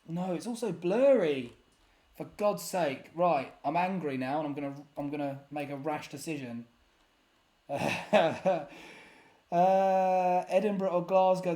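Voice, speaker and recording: A man's voice: on the high side, warm tone. A man giving casual, self-deprecating commentary while playing a geography guessing game, often muttering in exasperation. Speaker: gaming YouTuber.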